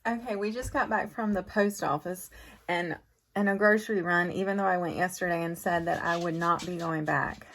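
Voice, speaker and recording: A woman's voice: on the low side, steady tone, moderate pace, fairly bright tone. A middle-aged woman vlogging about farm family life, chatting casually and heartfelt with viewers. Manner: chatty and heartfelt, drifts into emotion. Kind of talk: casual vlog chat to viewers.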